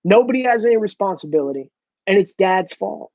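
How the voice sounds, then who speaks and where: A man's voice: sits high, expressive, fairly quick, a little mellow, no room sound. A man ranting heatedly and profanely in a rambling solo monologue, recorded alone in a room. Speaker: solo vlogger. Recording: dull lo-fi, dry.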